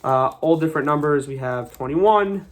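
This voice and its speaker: A man's voice: on the high side, moderate pace. A young American man doing live magic patter, chatty and joking at his own expense. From United States. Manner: chatty, joking, self-deprecating.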